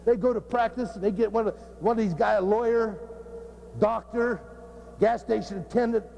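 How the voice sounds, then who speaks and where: A man's voice: high-pitched, steady tone, moderate pace, gravelly, warm tone, a little hiss or hum. A man who is a football coach, giving a joking, blunt, profane talk at a coaching clinic. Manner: blunt and profane, cracking jokes.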